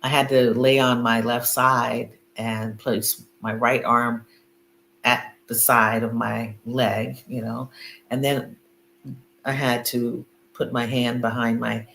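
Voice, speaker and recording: Middle-aged woman, slow chatty storytelling, gravelly voice, echoey room, faint hum. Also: very deep voice, level tone, fairly bright tone. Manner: chatty storytelling with frequent laughs and fillers. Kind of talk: casual chat. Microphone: video call.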